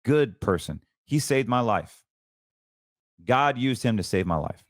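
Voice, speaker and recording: A middle-aged man hosting a show, telling an earnest personal testimony in a casual, preaching way that grows quiet and emotional. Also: lively intonation, measured pace, no echo, clean studio sound. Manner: earnest and preachy, voice drops low when emotional. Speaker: podcast host.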